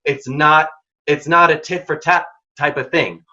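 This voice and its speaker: A man's voice: fairly high pitch, steady tone, measured pace, pushed and bright, highs cut off. A man leading a workshop on workplace conflict, speaking directly and energetically, sometimes acting out quoted dialogue. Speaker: workshop presenter. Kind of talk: career advice talk.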